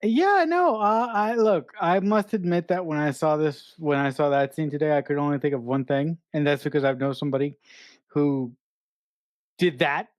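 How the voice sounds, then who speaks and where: A man's voice: fairly high pitch, no echo. A man co-hosting a podcast who gives his casual opinions on a film, stumbling over restarts as he speaks. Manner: halting, with frequent restarts and casual swearing. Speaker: podcast co-host. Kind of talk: casual film review chat.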